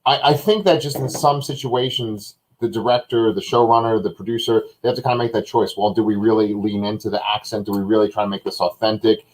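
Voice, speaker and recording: A man's voice: on the low side, steady tone, fast, hardly any pauses, a little hiss or hum, poor audio. A man co-hosting a live review, talking casually and thinking aloud with many fillers and hedges. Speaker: co-host of a live review show.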